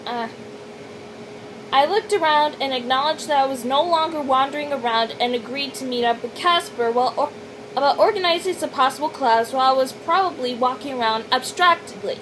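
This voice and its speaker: A young woman reading her own fanfiction aloud in an animated, dramatic first-person voice. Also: sits high, brisk, background noise. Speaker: fanfiction reader.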